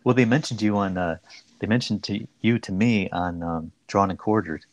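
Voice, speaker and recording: A man's voice: fairly low pitch, normal speed, no room sound. A man and comic artist chatting casually in a group call, hesitant and stammering, chuckling often.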